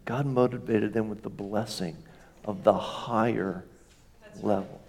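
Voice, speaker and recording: A man's voice: fairly low pitch, fairly even intonation, a little slow, gravelly, a little mellow. Folksy storytelling pastor, a man. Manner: folksy, self-deprecating humor, rhetorical questions. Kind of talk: conversational storytelling sermon.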